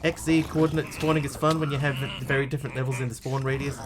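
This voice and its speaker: A man's voice: medium pitch, level tone, fast, noisy background. A man live-streaming a video game, chatting in a scattered way, yelping and thanking viewers as he plays.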